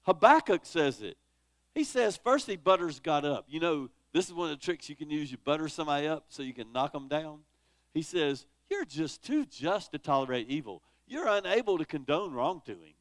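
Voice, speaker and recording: A man's voice: a little high, animated, moderate pace. A man leading a church Bible study, teaching in a conversational, dramatic way and reading scripture with feeling. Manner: dramatic, conversational, rises sharply on quoted laments.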